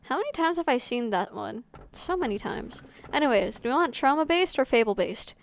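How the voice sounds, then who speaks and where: A woman's voice: high voice, expressive, a little fast, a little hiss or hum. A young woman streaming a game, chatting casually and rambling with lots of "like". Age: young adult. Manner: rambling, fillers of "like". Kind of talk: casual gameplay chat.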